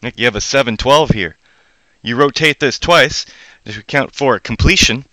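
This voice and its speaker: A man hosting a live stream, ranting with heavy swearing, swinging between loud angry outbursts and low mutters. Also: moderate pace, no echo, poor audio. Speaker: livestream host. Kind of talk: profane live-stream rant.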